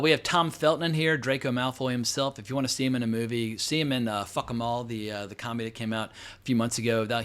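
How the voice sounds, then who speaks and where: A man's voice: medium pitch, a bit bright. A middle-aged man giving a casual spoken movie review, blunt and sarcastic, rambling with fillers and self-corrections. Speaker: film reviewer.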